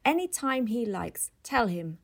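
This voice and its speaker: A woman reading the part of a blunt, brusque male newspaper editor, gruff and dismissive. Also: a little high, very animated, a little slow, exaggerated voice.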